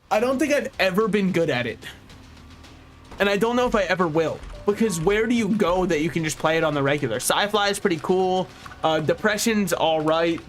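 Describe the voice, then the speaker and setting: Young male streamer, slightly high voice, dry dark humor, casual game commentary over soft background music. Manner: sardonic, dark deadpan jokes. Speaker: VTuber streamer. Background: faint game music.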